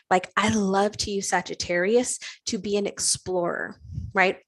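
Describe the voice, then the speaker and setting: A woman hosting an astrology show, talking reflectively and asking many rhetorical questions, often adding "right?" and slowing down to stretch key words. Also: mid-range voice, fairly bright tone. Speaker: astrology podcast host. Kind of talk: reflective spiritual talk.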